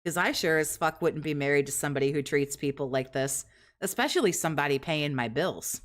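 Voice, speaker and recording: A woman's voice: sits low, brisk. A woman hosting a reaction commentary, mocking and sarcastic, swearing freely. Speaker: commentary host.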